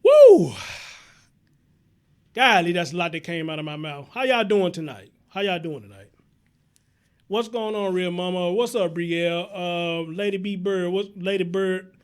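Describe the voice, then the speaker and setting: A man's voice: high voice, animated, moderate pace, fairly bright tone, clear, resonant tone. A man hosting a live-stream commentary show, talking bluntly and heatedly with heavy cursing while he greets viewers. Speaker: talk show host.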